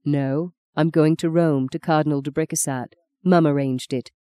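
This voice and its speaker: A woman doing a gentle, teasing young man. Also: low-pitched, normal speed, clean tone, no echo, close to an everyday voice. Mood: calm. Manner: calm, good-humoured teasing.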